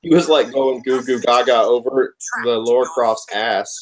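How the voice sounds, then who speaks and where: A man's voice: medium pitch, normal speed, poor audio. A man chatting casually on a podcast, telling stories in a laid-back, laughing way. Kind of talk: casual chat.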